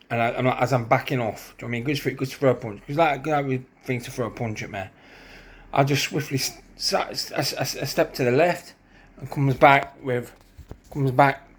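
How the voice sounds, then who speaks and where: A middle-aged man telling a street-fight story in a casual, rambling monologue, often asking "do you know what I mean". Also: mid-range voice.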